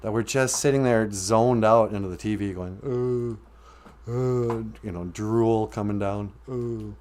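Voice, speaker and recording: A man's voice: lowish voice, a little slow, a little mellow, clear, resonant tone. A man from Minnesota, telling a loose, joking, rambling story on a live stream.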